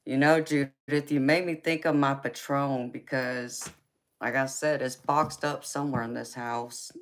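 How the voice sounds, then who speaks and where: A woman's voice: a bass voice, steady tone, a little slow. A woman chatting with viewers on a live tarot stream, teasing and folksy, laughing often. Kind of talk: casual live chat with viewers.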